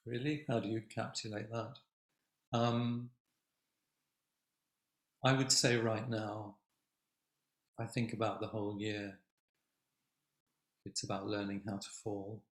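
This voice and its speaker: Older man, Zen teacher, unhurried dharma talk, soft and reflective, roomy echo. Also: on the low side, flat delivery. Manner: slow, reflective, gentle, with long pauses. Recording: echoey room.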